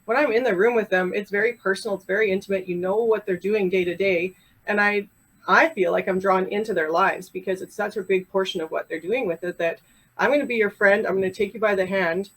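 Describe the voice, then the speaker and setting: A woman in her thirties from Canada chats as a podcast guest. She speaks in a warm, heartfelt, storytelling way at an ordinary middle pitch. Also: fairly even intonation, a little fast, rough recording. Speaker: pharmacist and coach, podcast guest. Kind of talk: casual interview chat.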